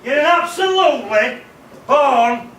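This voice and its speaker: A man's voice: very high voice, animated, unhurried, fairly bright tone, a little hiss or hum. A man with a stammer giving an emphatic motivational talk to students, repeating key words. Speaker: keynote speaker. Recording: roomy, distant mic, faint music.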